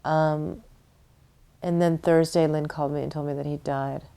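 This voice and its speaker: Woman, documentary interviewee, low flat voice, quick plain telling. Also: gravelly, clear, resonant tone. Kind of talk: documentary interview, personal recollection.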